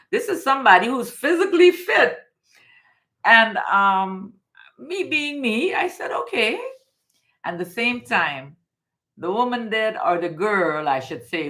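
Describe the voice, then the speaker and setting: A woman's voice: on the low side, a bit bright. A middle-aged woman, a card reader from Guyana, talking casually and emphatically, often repeating phrases. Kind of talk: casual spiritual reading and storytelling.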